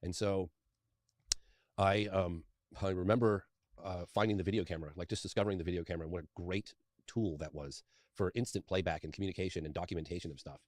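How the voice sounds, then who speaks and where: A man's voice: low-pitched, fairly even intonation, fast, darkish tone, no room sound, studio quality. A man in his fifties, a documentary filmmaker, telling a long personal story as an interview guest in a rambling, eager way, often restarting his sentences. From England.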